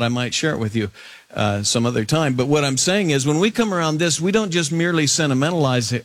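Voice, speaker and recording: A man preaching, whose voice leaps high on emphatic lines and sinks low and slow on solemn words. He retells scripture in his own casual phrasing as he teaches. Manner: animated, swinging from high emphatic bursts to low drawn-out words; paraphrases scripture conversationally. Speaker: pastor. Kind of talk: expository sermon.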